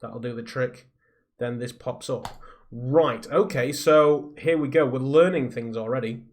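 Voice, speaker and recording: A man's voice: mid-range voice, measured pace. Rambling man live streaming. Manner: rambling, reads viewer comments aloud, skims text with "blah blah". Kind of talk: casual live-stream chat. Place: home recording room with soundproofing.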